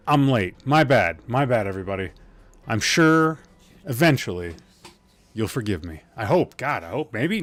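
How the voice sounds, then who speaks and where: Rambling through a laid-back gaming stream, the host sounds tired and slightly loopy. His mid-range voice has a sing-song lilt at a moderate pace, and he pokes fun at himself and curses occasionally.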